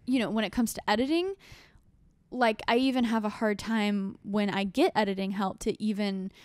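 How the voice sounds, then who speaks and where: A young adult woman hosting a podcast, talking in an animated, rambling way full of fillers and restarts. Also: mid-range voice, normal speed, no echo. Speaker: podcast host. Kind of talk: casual chat.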